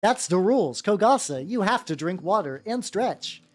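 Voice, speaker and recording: A woman's voice: mid-range voice, expressive, normal speed. A woman streaming while she paints miniatures, rambling casually, swearing freely and greeting her chat by name. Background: faint background music.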